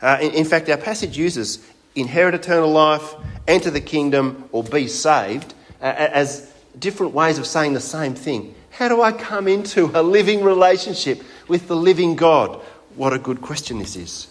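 A man's voice: on the high side, animated, moderate pace. A man preaching a sermon in a conversational way, putting rhetorical questions to his congregation.

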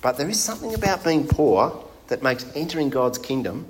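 A man's voice: fairly high pitch, big pitch swings, a little fast, slight background noise. A man preaching a sermon in a conversational way, putting rhetorical questions to his congregation.

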